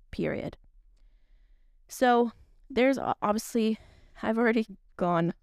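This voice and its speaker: A woman's voice: fairly low pitch, vocal fry, darkish tone, dry recording, clean studio sound. A young woman hosting a podcast, talking in a casual, earnest, rambling way with many restarts. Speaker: podcast host. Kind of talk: casual faith talk.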